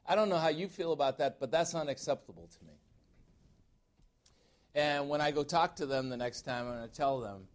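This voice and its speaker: A man's voice: fairly high pitch, fairly quick, long pauses. A middle-aged man from Chicago preaching a sermon as a pastor-teacher, emphatic and asking his congregation direct questions. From Chicago, USA.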